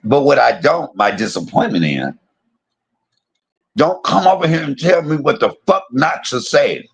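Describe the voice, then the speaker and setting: Gravelly, husky man ranting on a stream. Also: mid-range voice, sing-song, unhurried. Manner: profane, confrontational, repeats himself. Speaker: live streamer. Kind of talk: heated livestream rant.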